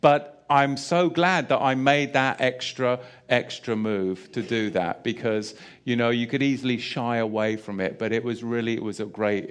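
A man preaching, telling a funny personal story with animated delivery and frequent laughter. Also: mid-range voice. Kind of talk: sermon with humorous personal anecdote.

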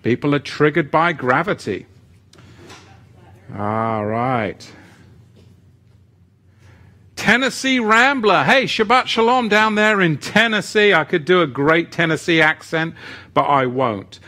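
A man's voice: a little high, expressive, takes it slowly, long pauses, pushed and bright. A man teaching a live-streamed lesson who reads the chat and greets viewers by name, with playful asides. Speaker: livestream teacher.

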